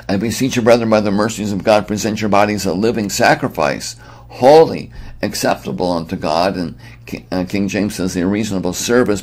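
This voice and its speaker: A man's voice: low voice, darkish tone. A middle-aged man preaching an earnest, emphatic sermon, often restarting his phrases.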